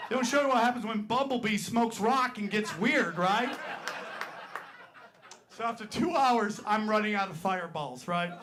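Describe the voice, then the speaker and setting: A man performing a crude, rambling stand-up set on a club stage, peppering his story with "right?" asides. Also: very high voice. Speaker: stand-up comedian. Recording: live club recording with crowd laughter and noise. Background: audience laughing and clapping.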